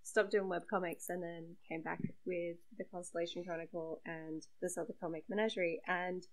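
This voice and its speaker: A woman's voice: on the low side, steady tone, fairly quick, poor audio. A young woman chatting casually on a podcast about making webcomics, self-deprecating, with lots of fillers and laughter. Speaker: webcomic creator and site regular.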